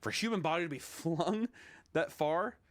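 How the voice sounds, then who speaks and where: A man's voice: on the high side, lively intonation, moderate pace. A man streaming himself reacting to a video, casual and joking with loose swearing. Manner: joking, loose, swears, slips into silly voices.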